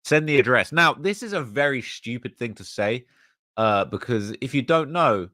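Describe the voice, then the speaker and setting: A man's voice: medium pitch, lively intonation, normal speed, sharp tone, no echo, clean studio sound. A man hosting his channel, giving casual commentary on news and repeating himself with fillers. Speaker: channel host.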